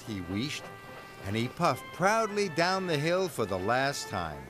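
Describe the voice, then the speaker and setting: A man reading a children's storybook aloud, with slow and expressive narration. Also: medium pitch, over music.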